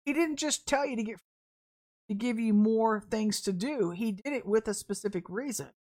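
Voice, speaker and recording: A fairly high-pitched woman preaches on a podcast at normal speed, keeping things casual. She brings her stories to life with laughter and by performing the quoted voices.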